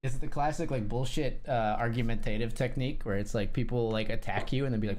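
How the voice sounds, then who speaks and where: A man's voice: mid-range voice, fast talker, hardly any pauses, a little hiss or hum. A man streaming online poker, commenting casually on his hands and ranting with sarcasm and swearing.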